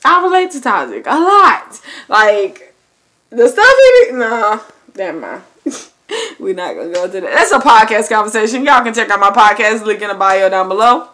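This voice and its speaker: A young woman chatting casually to her viewers in a vlog, addressing them as "y'all" and bursting into loud, excited exclamations. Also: fairly high pitch, normal speed. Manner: animated, swings into loud excited shouts and laughs; talks straight to viewers with lots of "y'all". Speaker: YouTuber.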